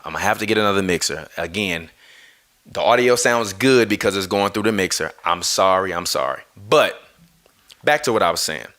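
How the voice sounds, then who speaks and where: A man's voice: deep voice, brisk, fairly bright tone. Heated man ranting on a live stream. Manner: heated, swearing, argumentative, apologizes over audio trouble. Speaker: basketball podcast host. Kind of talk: live-stream sports rant. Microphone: streaming through a mixer.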